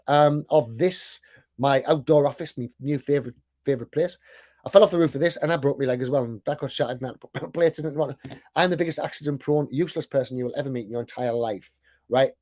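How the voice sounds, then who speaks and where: A man's voice: medium pitch, fast, darkish tone. A man with a thick accent gives a casual sales presentation, chatty and self-deprecating, often checking in with "right?". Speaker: online sales coach and business owner.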